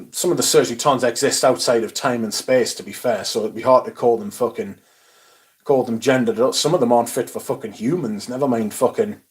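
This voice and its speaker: A man's voice: medium pitch, husky. A man from northeast England with a Northumbrian accent, chatting casually and bluntly on a livestream, swearing freely and answering chat. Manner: profane, blunt, reading chat aloud. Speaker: livestream host.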